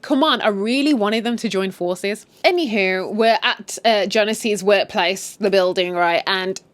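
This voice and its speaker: A young woman recapping a drama series with a casual, gossipy delivery and plenty of blunt swearing. Her voice sits at an ordinary middle pitch. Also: measured pace, no echo. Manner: chatty, gossipy, swears and laughs. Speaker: recap host.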